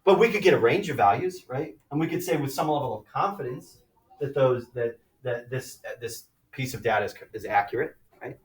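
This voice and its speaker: A man's voice: medium pitch, lively intonation, brisk, recorded from a distance. Man teaching math in an echoey classroom. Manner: conversational, checks in with "right?" and "okay?". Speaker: high school math teacher. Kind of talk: classroom lecture. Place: school classroom. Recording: echoey classroom, mic from afar.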